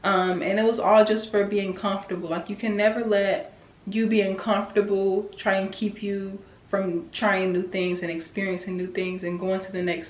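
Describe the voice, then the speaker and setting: A woman's voice: medium pitch, reverberant. A woman in her twenties talking candidly in a personal vlog, emotional and self-encouraging. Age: 20s. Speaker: vlogger.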